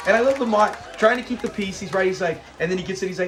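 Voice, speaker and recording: A man hosting a casual episode review, retelling scenes with lively acted-out lines and frequent laughs. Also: sits high, fast talker, hardly any pauses, soft background music. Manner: animated retelling, acts out the characters' lines, laughs often.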